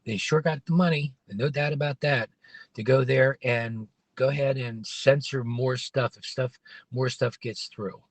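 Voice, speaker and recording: A man's voice: mid-range voice, fairly even intonation, normal speed, dry recording. A man hosting a casual livestream from his parked car, rambling and opinionated with many restarts. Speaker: livestream host.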